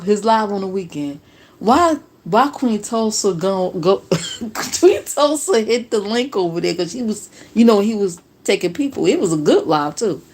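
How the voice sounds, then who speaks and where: A woman from New Jersey hosting a casual reaction livestream, talking to viewers in a sarcastic, profane way. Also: medium pitch.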